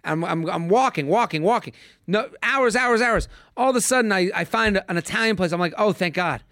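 A man's voice: sits high, a little fast, fairly bright tone, dry recording, clean studio sound. A young adult man hosting a casual comedy podcast, telling stories and acting out the voices of people he quotes. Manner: storytelling, acts out voices in quotes. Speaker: podcast host.

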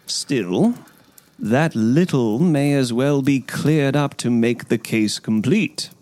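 A man reading an audiobook, voicing a stern, measured detective who lectures a suspect calmly. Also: mid-range voice, dry recording, lightly acted. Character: stern, cool-headed male detective. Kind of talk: audiobook character voice.

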